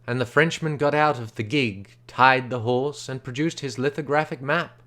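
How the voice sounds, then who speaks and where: A man reading an old short story aloud unrehearsed, with steady narration and occasional stumbles. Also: mid-range voice, moderate pace. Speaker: reader.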